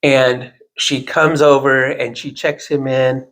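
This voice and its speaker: A man unspools a meandering everyday story in relaxed conversation, poking fun at himself along the way. His voice carries a gravelly rasp at a medium pitch. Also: takes it slowly. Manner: rambling, animated anecdote with self-deprecating asides. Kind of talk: casual storytelling chat.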